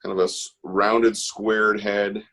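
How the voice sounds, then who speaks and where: Low-voiced man leading a live art session over video call, upbeat and encouraging. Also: flat delivery, slow pace, a bit bright. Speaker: host of an online art class. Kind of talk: casual live-stream instruction.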